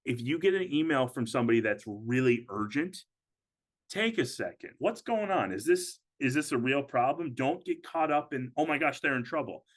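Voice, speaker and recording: A man of middle pitch presents a webinar as a financial advisor. He talks casually and conversationally, often pausing on fillers and restarting his sentences. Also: lively intonation.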